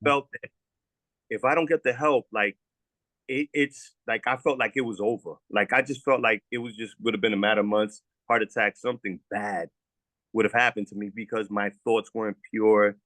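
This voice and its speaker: A man's voice: lowish voice, steady tone, moderate pace, a bit bright, no echo. A man telling his own recovery story as a former guest, earnest and heartfelt, often stumbling and repeating words as he searches for them. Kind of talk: emotional testimonial.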